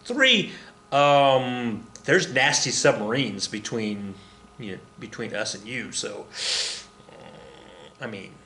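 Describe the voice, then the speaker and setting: A man's voice: mid-range voice, expressive, takes it slowly, long pauses, pushed and bright, a little hiss or hum. A man teaching history in a rambling, joking way, often correcting himself as he goes. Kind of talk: recorded classroom lecture. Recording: roomy echo with faint ambience.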